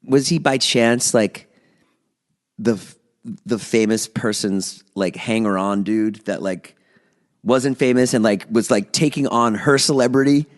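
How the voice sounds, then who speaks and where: A man's voice: medium pitch, measured pace. A man co-hosting a podcast in casual chat, throwing in teasing jokes and pointed questions. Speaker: podcast co-host.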